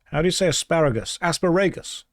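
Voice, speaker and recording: A man's voice: fairly high pitch, expressive, normal speed, a little mellow, dry recording, studio quality. A man streaming a game, reading chat aloud and answering in a playful, exasperated way. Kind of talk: casual gaming stream chat.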